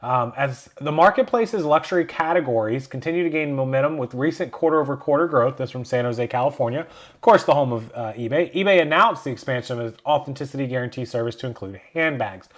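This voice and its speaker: A man's voice: mid-range voice, fast. A man hosting a reselling vlog who reads a news story aloud and breaks off into casual asides. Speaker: reselling channel host.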